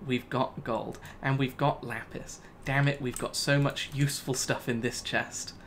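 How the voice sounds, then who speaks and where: A man's voice: medium pitch, level tone, unhurried, a bit bright, slight background noise. Self-mocking man narrating his gameplay. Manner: self-talking, exasperated, laughs at himself. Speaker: gaming YouTuber. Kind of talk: casual Let's Play commentary.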